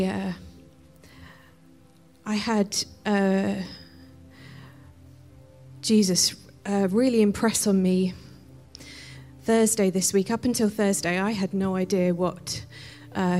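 Woman worship leader, slow and soft, whispered prayers, faint music underneath. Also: mid-range voice, flat delivery. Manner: gentle, encouraging to the congregation. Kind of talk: sermon with guided prayer.

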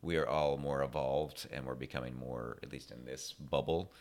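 A man's voice: rumbling low, fairly even intonation, moderate pace. A man in casual, candid conversation who swears freely. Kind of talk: casual chat.

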